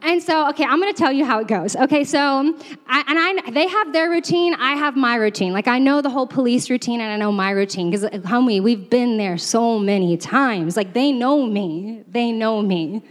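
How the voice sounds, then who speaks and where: A woman's voice: on the high side, moderate pace. A young woman on a church's staff, telling a self-deprecating story in a sermon, chatty and laughing often, with lots of fillers. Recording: long reverb from a large hall.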